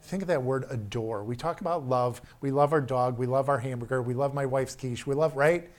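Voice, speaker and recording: An older man preaching a sermon to his congregation, often dropping his voice low and then rising to loud, urgent emphasis. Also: fairly quick. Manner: animated preaching, shifts from soft to loud.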